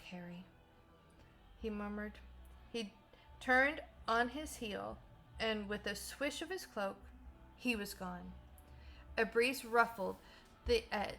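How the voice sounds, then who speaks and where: Woman, teacher, reading a novel aloud, slow, careful, creaky, fairly high. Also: fairly bright tone.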